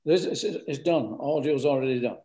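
A man's voice: mid-range voice, normal speed, dark tone. A man with a northern English accent, an author chatting as a guest, rambling and often repeating words. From north of England. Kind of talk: casual interview chat.

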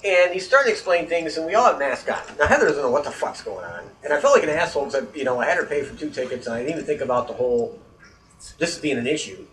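Animated man telling a story from afar. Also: a little high, fast, recorded from a distance, a little hiss or hum, low-quality recording. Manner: animated storyteller, swears, acts out quoted voices. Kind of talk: casual podcast chat.

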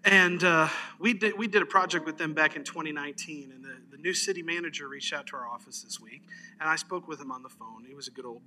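Man, pastor, sermon, very bright sound, slightly high voice, soft music underneath. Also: fast talker. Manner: conversational, animated storyteller, frequent "amen". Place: church service.

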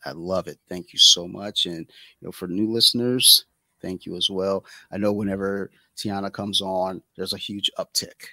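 A man's voice: sits low, fairly even intonation, moderate pace, pushed and bright, no echo, rough recording. A man hosting a casual podcast, talking loosely with many fillers and restarts. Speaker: podcast host.

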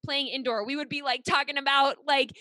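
Enthusiastic and gushing, this young podcast host, also a personal trainer, leans heavily on "like" in casual conversation. She speaks briskly in a high voice with a sharp tone and fairly even intonation, in studio-quality audio with no room sound.

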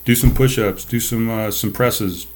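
A man's voice: mid-range voice, fairly even intonation, unhurried, a little hiss or hum. A middle-aged man hosting his own podcast from a desk, ranting in a fired-up, profane, motivational way. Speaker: podcast host. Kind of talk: casual solo podcast rant. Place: home desk.

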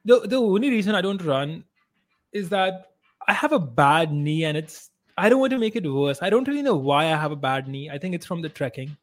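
A man co-hosting a podcast, talking in a relaxed, conversational way and swearing casually. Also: a little high, brisk. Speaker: podcast co-host.

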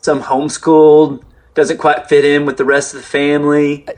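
A man's voice: a little high, level tone, normal speed, a little mellow. A man from West Texas, a pastor, telling stories in casual podcast chat with dry, self-deprecating humor.

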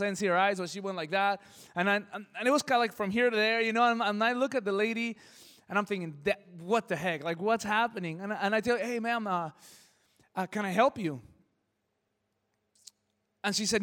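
A pastor telling a personal story in a sermon, lively, acting out the voices in it. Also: male voice, high-pitched, big-room sound. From Southern California. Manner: animated, acts out voices in his stories. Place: church hall.

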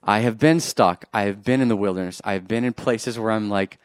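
A man preaching a sermon, animated and joking with the congregation, swinging from loud bursts to quiet asides. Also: fairly low pitch, a little fast, few pauses, clean tone, dry recording, clean studio sound. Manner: jokes with the congregation.

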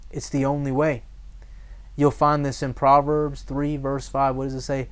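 A man preaching a sermon, reading scripture and acting out quick voices of the people he talks about. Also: mid-range voice, clear, resonant tone. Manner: animated preaching, acts out voices. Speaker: pastor.

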